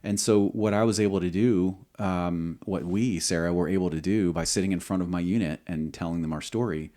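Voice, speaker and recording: A man's voice: sits low, fairly even intonation, brisk, dark tone. A man speaking earnestly on a faith podcast, reasoning step by step about asking for help. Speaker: podcast co-host, former squadron commander. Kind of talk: reflective faith talk.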